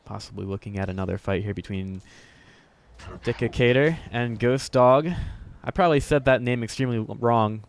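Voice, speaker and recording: A man's voice: medium pitch, normal speed, creaky. A man giving upbeat, jokey play-by-play commentary on a video game match, chuckling often and poking fun at himself. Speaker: esports commentator.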